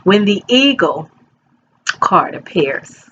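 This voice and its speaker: A woman's voice: mid-range voice, very animated, slow, fairly bright tone, dull audio, slight background noise. A woman in her fifties doing a casual tarot reading from her bedroom, chatty and rambling, talking straight to her viewers. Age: 50s. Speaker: tarot reader. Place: bedroom at home.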